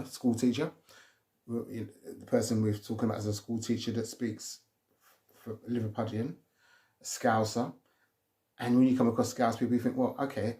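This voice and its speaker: A man's voice: medium pitch, mellow. A man giving rambling, casual advice on emotional triggers, often restarting his sentences. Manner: rambling, repeats and restarts himself.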